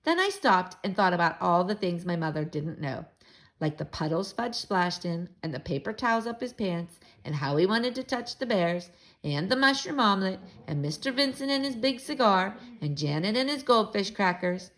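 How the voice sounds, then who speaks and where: A woman reads a children's book aloud to young listeners. Her storytelling is expressive and animated, and her pitch swings freely from line to line. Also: normal speed.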